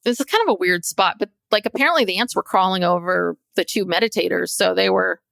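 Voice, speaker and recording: A woman's voice: fairly low pitch, fast talker, gravelly, a bit bright, dry recording. A woman therapist co-hosting a podcast, recapping a show in a chatty storytelling way with fillers. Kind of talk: casual recap chat.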